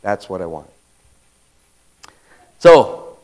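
A man preaching a conversational sermon as a pastor, swinging between quiet asides and loud emphatic bursts and acting out quotes. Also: deep voice, expressive, slow pace, pauses often, rough recording.

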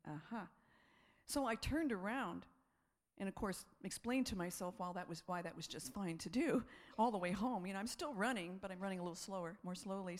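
A woman preaching a sermon, telling a personal story in an animated way, laughing often and acting out her own thoughts. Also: mid-range voice.

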